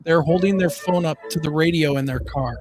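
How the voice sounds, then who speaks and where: A man's voice: a little high, fairly quick, darkish tone, slight background noise. A man hosting a casual livestream interview, talking loosely with fillers and restarts. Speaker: show host.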